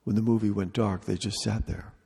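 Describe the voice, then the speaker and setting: This man, leading a retreat talk, speaks in a dark, mellow, gravelly voice on the low side with fairly even intonation. He is slow and deliberate, repeating short phrases, and the large hall adds a long, lingering reverb.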